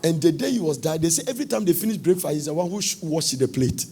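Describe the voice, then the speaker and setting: Fervent Ghanaian preacher, high gravelly voice. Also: male voice, lively intonation, quick pace. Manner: fervent preaching, shouting and singing out lines, wide pitch swings. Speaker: prophet preaching. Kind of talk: sermon.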